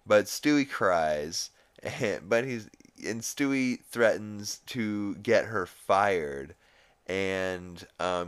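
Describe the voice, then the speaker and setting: A man's voice: on the low side, extremely slow, smooth. A man hosting a podcast, recapping a cartoon episode in a rambling, casual way with frequent swearing. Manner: rambling, swears often, quotes characters. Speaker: podcast host.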